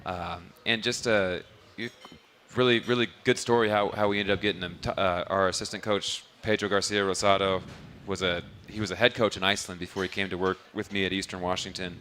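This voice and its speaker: A man's voice: low voice, steady tone, fairly quick, a bit bright, a little hiss or hum. A man who coaches basketball, telling rambling stories in an easygoing way during a live interview at a restaurant bar. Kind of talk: casual interview answers.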